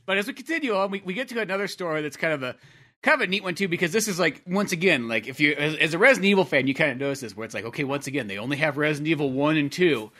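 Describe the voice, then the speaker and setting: A man's voice: fairly high pitch, lively intonation, rapid-fire, bright, forceful tone. A man co-hosting a podcast, chatting casually in a rambling, jokey way, full of fillers and swearing. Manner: rambling, profane, jokey, lots of "like". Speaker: podcast co-host. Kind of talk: casual chat.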